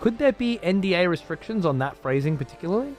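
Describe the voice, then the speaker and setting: A man's voice: high voice, big pitch swings, fast talker, faint music behind. A man streaming and chatting casually with his audience, blunt, rambling and full of swearing.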